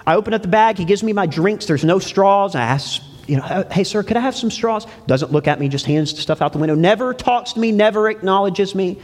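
A man's voice: high voice, brisk, few pauses. A man preaching a sermon as pastor, telling folksy stories and asking the congregation questions. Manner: folksy storytelling, asks the congregation. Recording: long church reverb.

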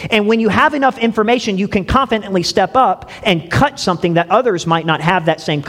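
A man preaching in a church, with a slightly high voice that rings out with a long reverb. He talks through his sermon loosely, tossing in asides to the congregation and stumbling over repeated words as he restarts his thoughts. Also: expressive, normal speed, fairly bright tone. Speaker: pastor.

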